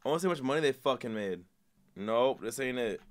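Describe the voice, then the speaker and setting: A man's voice: mid-range voice, animated, quick pace. A man hosting a reaction video, talking in a casual, profane and rambling way full of slang.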